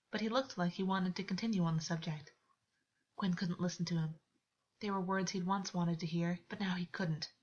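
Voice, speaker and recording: Woman reading fiction in a muffled recording. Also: fairly low pitch. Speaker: audiobook reader. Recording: dull lo-fi recording.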